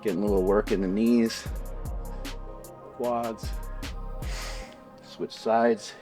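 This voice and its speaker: A man's voice: fairly low pitch, fairly even intonation, takes it slowly, over music. A middle-aged man, talking casually and candidly in a gym vlog, rambling and joking as he goes. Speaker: vlogger training for a marathon.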